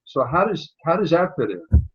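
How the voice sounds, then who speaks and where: A man's voice: a little high, very animated, normal speed, fairly bright tone, husky. A middle-aged man asking an earnest, reflective question on a video call. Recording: dull lo-fi video call audio.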